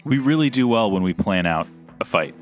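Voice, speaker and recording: A man's voice: fairly low pitch, expressive, a little fast, faint music behind. A man playing a tabletop game, chatting casually and thinking aloud about his moves. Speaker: player.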